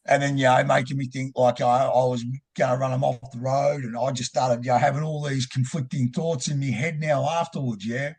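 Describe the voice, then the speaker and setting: A man with an Australian accent telling a personal story in a halting, rambling way, swearing freely. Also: medium pitch, fairly even intonation, a little mellow, breathy edge. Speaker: podcast guest.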